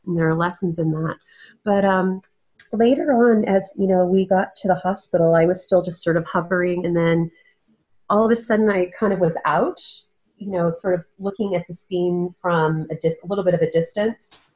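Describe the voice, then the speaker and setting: A woman's voice: on the low side, normal speed, a little mellow, low-quality recording. Earnest woman telling her story. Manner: earnest, searching, restarts mid-sentence. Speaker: interview guest. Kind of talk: casual interview talk. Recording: audio-only interview.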